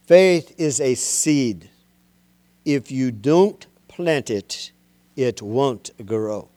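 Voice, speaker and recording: A male preacher delivering a sermon, emphatic and plain-spoken, urging listeners to say the words out loud. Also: mid-range voice, expressive, very slow, no echo. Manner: emphatic, urges listeners to say things aloud.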